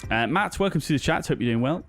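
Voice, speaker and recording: Over soft background music, a British English-speaking man streams a flight simulator, his slightly high voice expressive and fast. He chats casually, greeting each viewer individually and filling his speech with ums and uhs.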